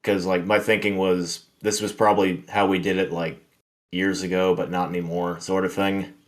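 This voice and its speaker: A man's voice: low voice, flat delivery, normal speed. A man hosting a podcast, telling a work story in a rambling, filler-heavy, profane way. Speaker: podcast host. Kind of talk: casual storytelling chat.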